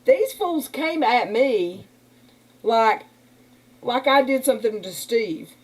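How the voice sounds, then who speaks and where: A woman's voice: fairly high pitch, very animated, slow, darkish tone, rough recording. A woman hosting a casual livestream, talking in a rambling, indignant way. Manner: rambling, indignant, uses y'all. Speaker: livestream host. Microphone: computer mic on a stream.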